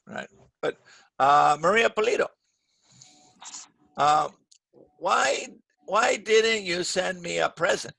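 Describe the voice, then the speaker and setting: A man teaching an English grammar class over a video call, speaking clearly and patiently and stressing the words he models. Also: high-pitched, slow pace, pauses often, sharp tone, no room sound. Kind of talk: online grammar lesson. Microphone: computer mic on a video call.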